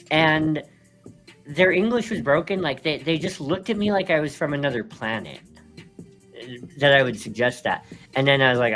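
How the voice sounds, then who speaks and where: Laughing, animated man telling a story. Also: mid-range voice, moderate pace, faint music behind. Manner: animated, laughs between phrases, many fillers. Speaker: co-host. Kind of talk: casual storytelling on a live stream.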